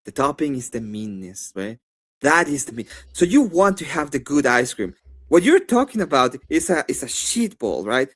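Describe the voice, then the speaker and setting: A man with a Spanish accent, debating on a live stream in a rambling, animated way with many fillers and restarts. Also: mid-range voice, moderate pace.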